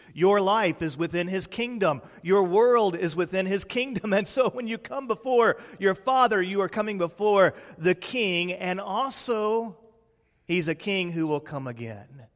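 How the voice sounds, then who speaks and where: A pastor, preaching a sermon with slow emphatic pauses and a hush at key lines. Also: male voice, high-pitched, long reverb tail.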